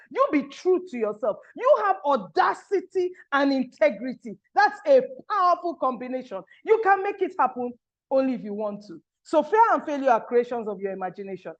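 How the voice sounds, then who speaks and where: A woman's voice: sits high, very animated, a little fast, highs cut off. A woman giving a motivational business talk with an emphatic, preaching cadence over a video call. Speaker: business speaker.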